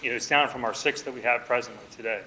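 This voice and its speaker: A man giving public comment at a council meeting, making a measured, reasoned argument. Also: mid-range voice, steady tone, pushed and bright, a little hiss or hum, poor audio. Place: council chamber.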